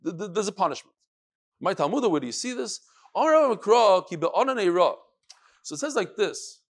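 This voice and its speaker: Animated man teaching a Talmud class. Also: high voice, normal speed. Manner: animated, sing-song study cadence mixing Hebrew and Yiddish terms.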